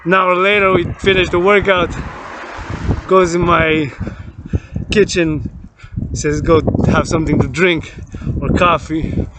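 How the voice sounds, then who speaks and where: Rambling man, higher voice, loud traffic. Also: level tone, unhurried. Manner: repetitive, lists things over and over. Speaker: vlogger. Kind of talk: rambling monologue story. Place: outdoors near a street with passing vehicles. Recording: loud traffic noise outdoors.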